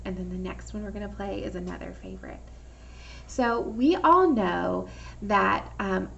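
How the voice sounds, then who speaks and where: A woman teaching a first grade phonics lesson remotely, talking in a cheerful, slow, clearly articulated sing-song way for young children. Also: medium pitch, far from the mic. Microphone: laptop or webcam microphone. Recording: lo-fi recording from off-mic.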